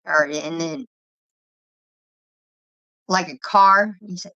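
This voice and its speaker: A woman's voice: lowish voice, slow pace, sharp tone, dry recording, highs cut off. A woman chatting casually and rambling, laughing and swearing as she talks. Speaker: streamer chatting with viewers. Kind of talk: casual livestream chat.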